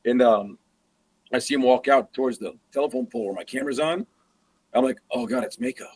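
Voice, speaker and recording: A man's voice: mid-range voice, brisk. A man, a guest hunter, telling a story in a casual way and acting out the sounds and the dialogue. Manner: animated, acts out sounds and quoted dialogue.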